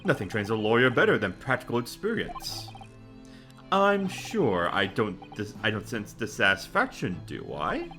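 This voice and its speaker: Brief: man voicing a stern, imposing British chief justice, attempted accent, expressive delivery. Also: lowish voice, soft background music, full character voice. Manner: formal, measured, commanding.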